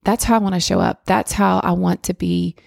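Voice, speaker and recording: Woman in her thirties, podcast host, candid rambling talk, very gravelly voice, dry sound. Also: lowish voice, steady tone, a little fast, no echo. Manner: candid, rambling, with restarts and soft laughs. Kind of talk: personal reflective monologue. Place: home.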